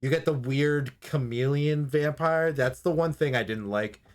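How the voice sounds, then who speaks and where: Co-hosting a laid-back anime review show, this young man wanders off on tangents, curses, laughs a lot and performs scenes in goofy voices. His voice is on the high side and a little slow.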